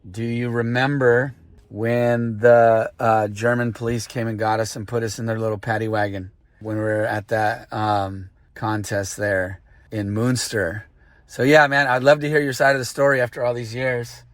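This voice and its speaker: A man's voice: medium pitch, flat delivery, moderate pace, no room sound. A man leaving a hesitant, affectionate recorded message for an old friend.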